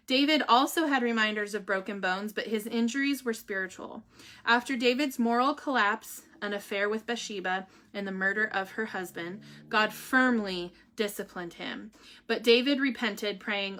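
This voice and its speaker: A woman's voice: mid-range voice, moderate pace, a bit bright. A young woman chatting casually to her viewers and reading a devotional aloud, with lots of fillers and restarts. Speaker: vlogger giving a family update.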